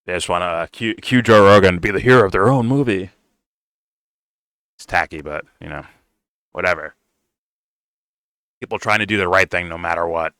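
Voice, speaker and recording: A man's voice: low-pitched, moderate pace, long pauses, fairly bright tone, smooth, no echo. Heated, foul-mouthed man ranting with force. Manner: blunt, heated, swears constantly, says "bro". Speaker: political commentator reacting to a video. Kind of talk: profane reaction rant.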